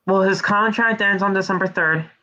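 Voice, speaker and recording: A man's voice: sits high, moderate pace, bright, forceful tone, lo-fi sound. A man co-hosting a podcast, recapping wrestling in casual, profane play-by-play. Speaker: podcast co-host.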